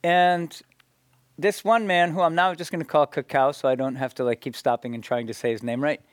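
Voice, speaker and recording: A man telling stories to an audience in a loose, halting way, with frequent restarts and filler phrases. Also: fairly high pitch, fairly even intonation, clear, resonant tone, dry recording. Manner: halting, many restarts and "you know". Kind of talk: casual storytelling talk.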